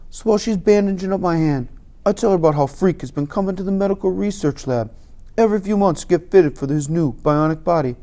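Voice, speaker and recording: A reader giving an animated, emphatic first-person narration of a novel. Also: medium pitch, fast. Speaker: audiobook reader.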